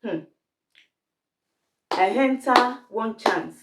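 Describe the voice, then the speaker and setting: A woman's voice: a little high, drawn-out words, heavy background noise. A middle-aged woman from Nigeria with a Nigerian English accent, a native Yoruba speaker, telling family stories animatedly and acting out the voices. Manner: animated storytelling, acts out voices, laughs while telling. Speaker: storyteller guest, the host's mother. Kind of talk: candid family conversation. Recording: roomy, distant mic.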